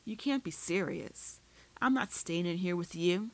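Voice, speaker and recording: A woman's voice: on the low side, measured pace. A woman reading an audiobook, voicing a defiant young woman held prisoner who protests sharply and indignantly.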